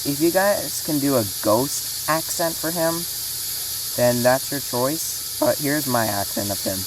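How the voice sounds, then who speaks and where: Very low-voiced woman announcing a casting call. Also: measured pace. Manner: rambling with many fillers and restarts. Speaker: fan series creator running a casting call. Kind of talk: casual spoken announcement. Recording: noisy hiss in the background.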